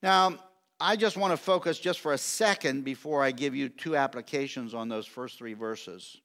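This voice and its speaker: A middle-aged man preaching a sermon, emphatic and repetitive, stretching key words slowly. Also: mid-range voice, a bit bright. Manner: emphatic, repetitive preaching with slow drawn-out stresses. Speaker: pastor.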